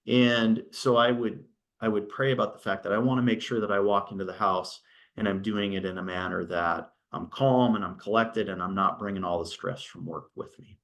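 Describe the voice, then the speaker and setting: A man's voice: fairly low pitch, steady tone, normal speed, fairly bright tone. A middle-aged man giving a casual talk at a virtual business workshop, telling stories and often checking in with "right?". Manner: conversational, storytelling, often adds "right?". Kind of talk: casual presentation on a video call. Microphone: video call.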